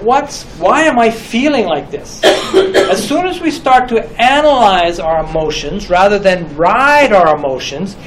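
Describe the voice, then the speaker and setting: A middle-aged man with a high voice teaches about group communication. He talks in a reflective way and asks many rhetorical questions. A faint hiss sits under the recording. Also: low-quality recording.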